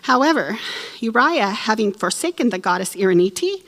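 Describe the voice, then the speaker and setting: Expressive woman teaching a Bible lesson. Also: fairly high pitch, moderate pace. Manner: expressive, emotional, playful asides.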